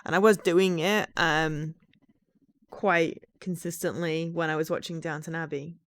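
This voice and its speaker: A woman's voice: sits low, fairly even intonation, measured pace. A woman game streamer chatting casually and self-deprecatingly while playing, with lots of fillers and laughs.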